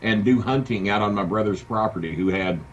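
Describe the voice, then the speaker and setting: A middle-aged man, a wrestling manager telling an animated story in a casual interview. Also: lowish voice, fairly quick. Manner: animated anecdote-telling with acted quotes. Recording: dull lo-fi sound with faint hiss.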